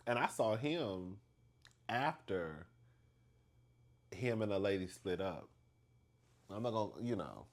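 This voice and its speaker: A man chatting straight to his viewers in a storytime vlog. His pitch swings high and low as he gossips, and he keeps calling everyone "girl" and laughing between lines. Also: lively intonation, slow pace, pauses often. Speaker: vlog host.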